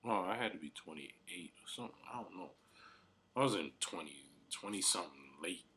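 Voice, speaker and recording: A man's voice: deep voice, expressive, moderate pace, pushed and bright, a little hiss or hum. A man around thirty, an aspiring rapper, telling a rambling, emotional story about his struggles, full of fillers and slang. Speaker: aspiring rapper and podcast host. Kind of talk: casual storytelling monologue.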